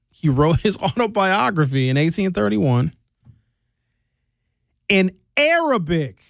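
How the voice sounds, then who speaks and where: Man with a slightly high voice, lively and casual, drawing out key figures, dry close mic. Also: creaky, dry recording. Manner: animated, stretches out figures for emphasis. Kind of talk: casual comedic commentary.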